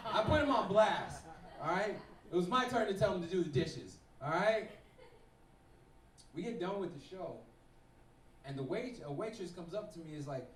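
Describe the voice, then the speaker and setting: Man, stand-up comic, higher voice, storytelling, echoey club room heard from a distance, faint noise. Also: expressive, a little fast. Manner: storytelling with quoted voices, loud punchlines. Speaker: stand-up comedian. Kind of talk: stand-up routine. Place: comedy club stage before live audience.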